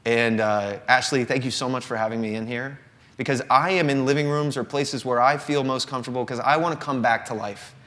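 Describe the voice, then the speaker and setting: A man's voice: medium pitch, fairly even intonation, a little fast, fairly bright tone. A man in his thirties from the American South, a singer-songwriter giving an earnest, reflective confessional monologue to a live audience. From Southern United States. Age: 30s. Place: indoor company showroom with an audience. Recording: long reverb of a live room.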